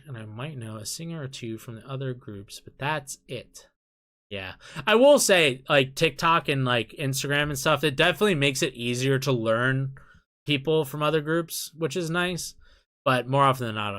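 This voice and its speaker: A young man talks loosely through a live stream, answering chat questions with frequent swearing. His voice is bright and middle in pitch. He keeps it casual and laughs easily between answers.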